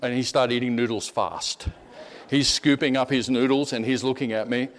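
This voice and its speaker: A middle-aged man preaching a sermon, telling personal stories in an animated way, repeating words and dropping to a hush. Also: medium pitch, moderate pace.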